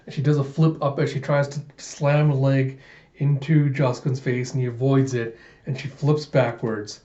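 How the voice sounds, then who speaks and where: A man's voice: mid-range voice, little pitch movement, moderate pace, mellow. A man casually narrating a comic readthrough, chatty and loose, adding sound effects, in a roomy, dull recording.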